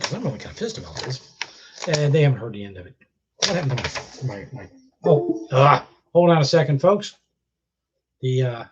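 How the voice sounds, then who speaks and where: A man's voice: mid-range voice, dull audio, a little hiss or hum. A man with a chest cold, bluntly scolding viewers in a casual live stream rant and swearing freely. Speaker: vlogger.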